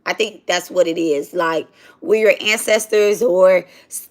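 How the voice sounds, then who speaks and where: A woman's voice: lowish voice, steady tone, a little slow. A woman chatting casually on a livestream while she cooks, rambling and slangy as she tells a spiritual story. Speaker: spiritual content creator.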